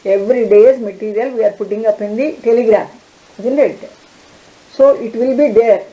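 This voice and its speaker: A woman teaching an online law class, talking haltingly with many fillers and restarts. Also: on the high side, mellow, reverberant, muffled recording.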